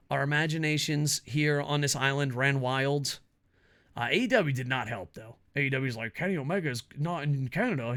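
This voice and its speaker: A man hosting his own wrestling commentary show, ranting casually with lots of swearing, laughter and excitable asides. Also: mid-range voice. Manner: profane, excitable, laughs a lot. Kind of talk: casual opinion rant.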